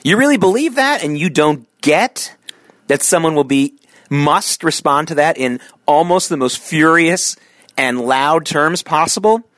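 A middle-aged man talks alone into a close mic, hosting his own podcast. His voice drops low and tired, then jumps up sharply for emphasis. The room is dry, with no echo. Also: a little slow. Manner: animated, swings from low tired tones to sharp emphatic peaks. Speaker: podcast host. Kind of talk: solo podcast monologue.

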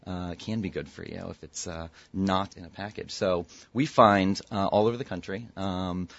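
A man's voice: low-pitched, steady tone, moderate pace, vocal fry, fairly bright tone, dry recording, muffled recording. A man being interviewed as a guest, speaking affably with frequent fillers. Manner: affable, hesitant with many fillers. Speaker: guest, doctor and company co-founder. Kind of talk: casual interview.

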